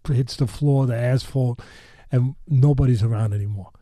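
A man's voice: medium pitch, normal speed, mellow, no echo, studio quality. A man telling a story in a loose, rambling way, full of fillers and restarts, with blunt street-tough talk. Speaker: storytelling guest. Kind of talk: casual spoken storytelling.

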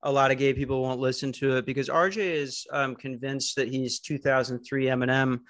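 A man hosting a podcast, doing a deadpan mock news anchor routine in casual banter. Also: medium pitch, brisk, no echo, studio quality. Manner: deadpan fake-newscaster delivery. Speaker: podcast host.

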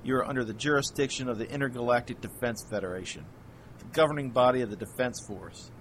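An actor playing a special agent with a dry wit who turns stern in the interrogation room. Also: male voice, mid-range voice, fast, a bit bright, slight background noise, lightly acted.

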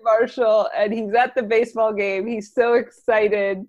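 A woman's voice: fairly high pitch, steady tone, measured pace, darkish tone, lo-fi sound. A young woman co-hosting a podcast, chatting casually and giggling as she tells stories. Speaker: podcast co-host. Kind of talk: casual chat.

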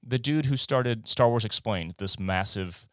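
Male podcast guest, deep voice, loose profane rambling, dry close mic. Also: unhurried, a bit bright, dry recording. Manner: rambling, profane, full of restarts. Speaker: guest musician. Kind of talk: casual podcast chat.

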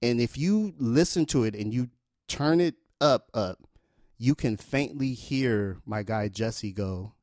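A man in his forties telling a long casual anecdote in a relaxed, rambling way, with lots of fillers. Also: medium pitch, slow pace, no echo, clean studio sound. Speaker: storyteller.

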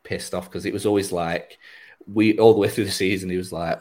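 Man, very deep voice, casual football podcast talk, rambling, chuckles a lot. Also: fairly even intonation, fast, rough recording. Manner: chatty, rambling, laughs often. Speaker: podcast host.

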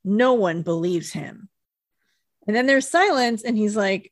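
A woman's voice: mid-range voice, lively intonation, unhurried, no echo, studio quality. A woman co-hosting a podcast, chatting casually and giggly about an episode. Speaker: podcast co-host. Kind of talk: casual chat.

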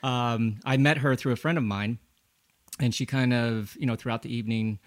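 A man's voice: medium pitch, steady tone, fairly quick, dry recording. A man who is a former pro cyclist and a guest on a casual interview, telling easygoing anecdotes and acting out the lines he quotes.

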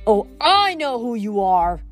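A fussy, pompous male statue god, put on by a woman reading aloud scolds in a raised, indignant voice. He talks down to everyone like a prim teacher. Soft music plays faintly behind. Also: a little high, very animated, a little slow.

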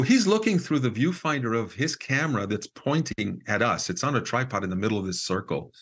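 A man who is a podcast guest, telling a story casually, with lots of fillers and acted-out quotes. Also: lowish voice. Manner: lively storyteller with frequent fillers and quoted dialogue.

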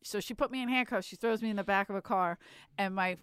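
A woman's voice: medium pitch, fast, clear, resonant tone, no echo. A woman hosting a casual podcast chat, swearing freely and acting out the people in her stories. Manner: profane, animated storyteller, acts out others. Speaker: podcast host. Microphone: studio mic.

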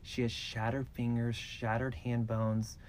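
Man, middle-pitched voice, podcast host, casual true-crime storytelling, filler-heavy. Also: little pitch movement, unhurried, a little mellow, a little hiss or hum. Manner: loose, filler-heavy retelling with "like" and "so".

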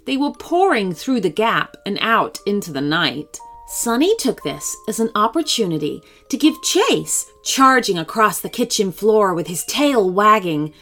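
Slow, expressive woman storyteller for a children's read-aloud. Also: medium pitch.

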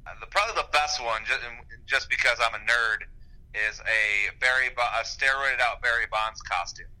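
A man talks over a phone while pacing, his voice very bright and sharp-edged. He rambles through casual chat and laughs easily, with an average pitch. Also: normal speed, rough recording.

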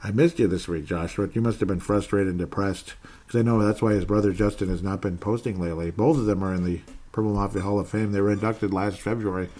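Guy with a lowish voice doing a laid-back sports podcast, reads comments, laughs a lot. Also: steady tone, fast, mellow. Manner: chatty, laughs often, reads comments aloud; puts on a joking Canadian accent briefly. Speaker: podcast host reading listener comments. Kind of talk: casual sports podcast chat.

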